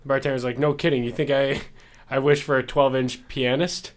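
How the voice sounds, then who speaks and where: A man's voice: mid-range voice, level tone, normal speed. Young man, podcast co-host, casual chat, laughs through his jokes. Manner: laughs while telling jokes.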